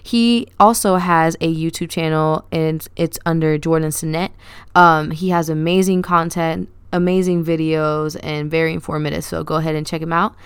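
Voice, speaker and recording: Young woman podcast host, low and very clear voice, dry close sound, chatty rambling storyteller. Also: moderate pace, dry recording. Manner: chatty, rambling, animated, many fillers. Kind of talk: casual storytelling monologue.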